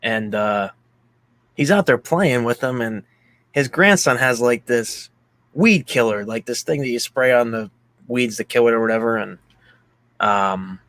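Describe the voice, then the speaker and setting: A man's voice: mid-range voice, unhurried, fairly bright tone, no room sound. A man from Pennsylvania co-hosting a casual movie chat, rambling through a heartfelt story with many fillers. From Pennsylvania, USA. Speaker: podcast co-host.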